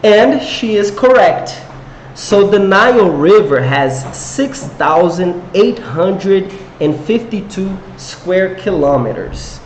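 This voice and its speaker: A man's voice: sits high, expressive, slow, roomy sound, slight background noise, rough recording. A man teaching an English grammar lesson to viewers, encouraging them and quizzing them with questions. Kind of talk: live online English lesson.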